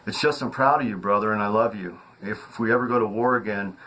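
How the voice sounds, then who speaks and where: A man's voice: fairly low pitch, brisk, sharp tone, low-quality recording. A man voicing a drunk young man who slurs his words and speaks fondly to his brother in a story reading. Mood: tipsy earnest. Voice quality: slurred.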